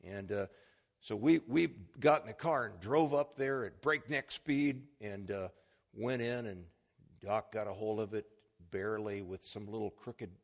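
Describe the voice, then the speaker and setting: A man's voice: fairly low pitch, gravelly. A middle-aged man preaching a sermon as pastor, telling anecdotes and acting out the voices in them. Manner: storytelling preacher, acts out voices in his anecdotes.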